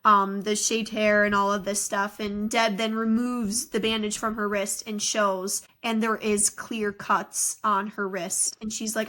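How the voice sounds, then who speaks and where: A woman's voice: medium pitch, flat delivery, unhurried, few pauses, sharp tone. A woman co-hosting a podcast, chatting casually about a movie and leaning on "like" a lot. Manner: chatty, heavy use of "like". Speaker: podcast co-host. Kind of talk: casual chat, retelling a film.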